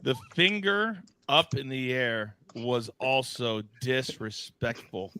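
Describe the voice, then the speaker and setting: A man hosting a live sports betting show, teasing his co-hosts and reading chat in a playful, animated way. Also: medium pitch, slow pace, clean tone. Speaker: host.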